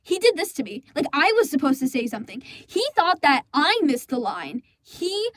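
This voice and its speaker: A woman's voice: high-pitched, very animated, normal speed, fairly bright tone, no room sound, clean studio sound. A woman voicing an indignant teenage girl who rambles through a story, exasperated and swearing freely, for a fan comic dub. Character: indignant teenage girl recounting a school play disaster.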